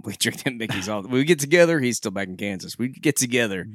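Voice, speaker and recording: A man's voice: medium pitch, lively intonation, fast, no echo, clean studio sound. A man co-hosting a podcast, joking in laid-back banter about a movie. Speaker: podcast co-host. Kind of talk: casual movie chat.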